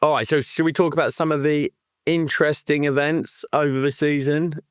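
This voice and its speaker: A man co-hosting a podcast, telling stories in a lively way and laughing often. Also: a little high, normal speed, clean tone, no echo, clean studio sound. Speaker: podcast co-host. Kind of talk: casual chat.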